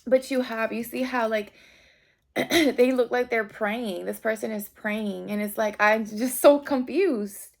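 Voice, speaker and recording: A woman with a gravelly, fry-edged voice sits fairly high in pitch as she reads tarot for her viewers. Her delivery is rambling and heartfelt, addressed straight to the listener in a casual, chatty flow. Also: fairly even intonation, takes it slowly. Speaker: tarot reader.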